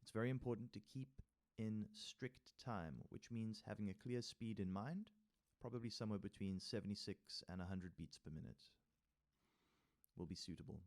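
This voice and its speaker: Deep-voiced man teaching music theory. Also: normal speed, a little mellow. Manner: reads text aloud, then adds casual asides and taps rhythms with sung syllables. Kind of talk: tutorial walkthrough reading from a workbook.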